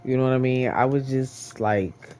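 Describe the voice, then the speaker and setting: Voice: mid-range voice, normal speed, a little mellow, a little hiss or hum. A vlogger talking in a casual, rambling monologue straight to the camera, swearing freely and laughing often.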